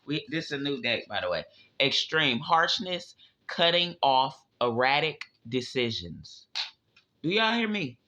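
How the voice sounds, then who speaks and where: A man's voice: sing-song, measured pace, bright, forceful tone. A man doing a casual spiritual tarot reading, emphatic and profane. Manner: emphatic, profane, drifting pitch. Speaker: tarot reader. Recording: dull lo-fi audio.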